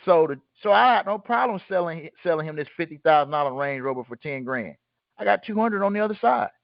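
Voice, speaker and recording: A man's voice: fairly high pitch, expressive, quick pace, gravelly, no echo, dull audio. A man hosting a call and teaching in a casual, blunt way, throwing rhetorical questions at his listeners and answering them himself. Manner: blunt and colloquial. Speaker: host teaching a group call.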